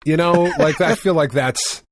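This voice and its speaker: A man's voice: on the high side, a little slow. A man co-hosting a podcast in casual chat, swearing freely and laughing often. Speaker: podcast co-host.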